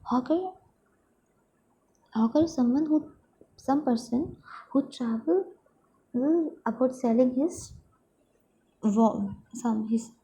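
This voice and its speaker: A woman teacher, explaining a school lesson and simply spelling out the meanings of words, pausing to find them. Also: sits high, dark tone, poor audio.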